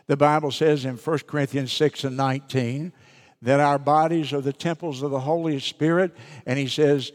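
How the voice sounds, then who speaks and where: A middle-aged man pastor preaching a sermon, deliberate and repeating key phrases for emphasis. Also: a little high, darkish tone, big-room sound.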